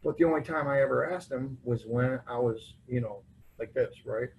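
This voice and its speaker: A man's voice: medium pitch, moderate pace, vocal fry, darkish tone, slight background noise, rough recording. A man speaking at a recovery convention, sharing his personal story in a loose, self-mocking way. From United States. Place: convention hall.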